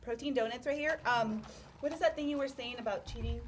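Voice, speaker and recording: A young woman with a high voice hosts a casual chat show, bubbly and quick to giggle between asides. Her voice is recorded with a clear hiss of background noise. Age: young adult. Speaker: co-host.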